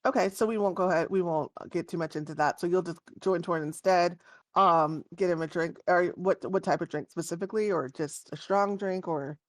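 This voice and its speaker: A woman with a lowish voice runs a tabletop game, narrating scenes and questioning players in an easy, rambling way. She fills her sentences with ums and likes. Her voice is recorded close and dry. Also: a little fast, dry recording. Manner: casual, relaxed, many fillers. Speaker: game master.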